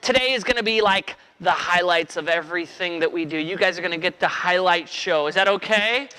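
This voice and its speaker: A man's voice: high voice, brisk, bright, forceful tone, clear, resonant tone. A man performing as a children's magician, playfully joking with and rousing a live audience of kids. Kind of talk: live kids' magic show patter.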